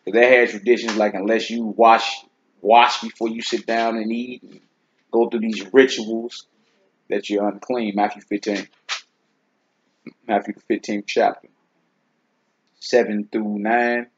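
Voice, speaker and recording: A man's voice: fairly low pitch, flat delivery, unhurried, pauses often, slight background noise. A man hosting a casual Bible teaching talk, speaking in a laid-back, conversational way and often checking "you see what I'm saying?". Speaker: host teaching scripture. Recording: dull lo-fi recording.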